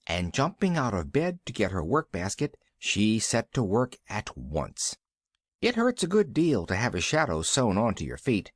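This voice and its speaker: A man narrating a children's bedtime story in a gentle, scripted storybook reading. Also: medium pitch, no echo, studio quality.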